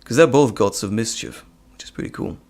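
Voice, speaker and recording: A man hosting a casual live stream, chatting in a relaxed, rambling way with chuckles. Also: mid-range voice, fairly quick. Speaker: host.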